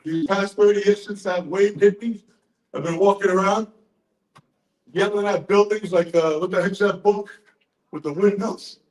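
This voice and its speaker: Tipsy sixty-something guy ranting and cussing, highish voice, echoey room. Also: normal speed. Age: 60s. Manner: profane, excitable storyteller. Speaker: conference speaker. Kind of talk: rambling speech to a crowd.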